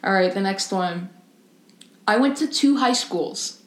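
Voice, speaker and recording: Young woman teasing, roomy echo. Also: mid-range voice. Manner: teasing, animated, quick to laugh. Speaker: podcast co-host. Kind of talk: casual chat.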